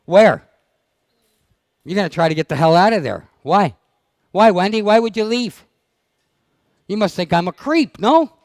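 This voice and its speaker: Male seminar leader, high-pitched and gravelly, blunt and needling with his audience. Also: lively intonation, a little slow, long pauses, darkish tone, dry recording. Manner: blunt, teasing, fires questions at the audience. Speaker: dog trainer leading a seminar. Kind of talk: live seminar talk to an audience. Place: seminar room.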